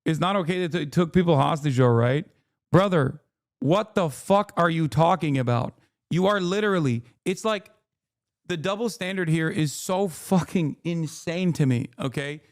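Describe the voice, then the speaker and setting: A man in the middle of a heated livestream rant, swearing and mocking as he goes. His voice is a bit high and worn hoarse from talking. The sound is dry and close to the mic. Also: moderate pace, dry recording. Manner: angry, swearing, sarcastic rants. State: losing his voice. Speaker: streamer reacting to a video.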